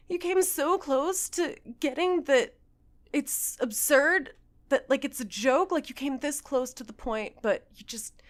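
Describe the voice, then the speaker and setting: A woman's voice: high-pitched, unhurried. A woman hosting casual commentary, reading posts aloud and reacting with sarcasm and frequent laughter. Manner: sarcastic, animated, laughs often.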